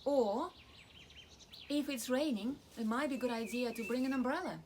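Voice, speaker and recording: Woman teaching kids, a touch high. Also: moderate pace, a little mellow, a little hiss or hum. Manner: explains simply with everyday examples. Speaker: children's church teacher. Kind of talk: gentle teaching to children.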